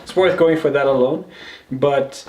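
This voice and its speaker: A man's voice: medium pitch, measured pace, a little mellow. Chatty man from Brazil giving tips. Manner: chatty, eager to recommend. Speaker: guest. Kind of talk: casual chat.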